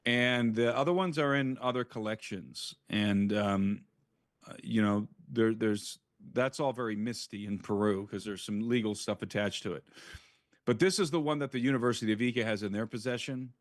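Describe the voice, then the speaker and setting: A man's voice: lowish voice, normal speed, no echo, clean studio sound. A man speaking as an interview guest, giving an earnest, frank first-hand account in conversation.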